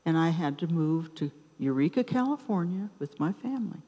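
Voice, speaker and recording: A woman in her seventies telling a personal story at an open mic night in a theater, taking her time with dramatic pauses between short phrases. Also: lowish voice, expressive, warm tone, slightly rough, lo-fi sound. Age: 70s. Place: theater stage. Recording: reverberant live theater sound.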